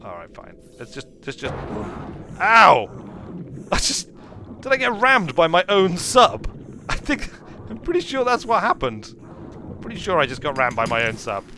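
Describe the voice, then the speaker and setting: A man's voice: a little high, very animated, moderate pace, bright, forceful tone, slight background noise. A man streaming a video game, giving playful, whimsical commentary and chatting to the creatures he meets. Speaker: gaming streamer. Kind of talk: playful let's play commentary. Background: faint game music.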